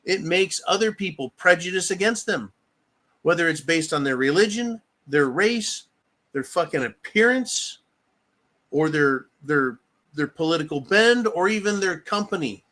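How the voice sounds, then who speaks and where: An American political commentary host reads viewer comments on a livestream and rants angrily and bluntly, cursing frequently. His voice is a little high, pushed and bright, with lively intonation and a slightly slow pace.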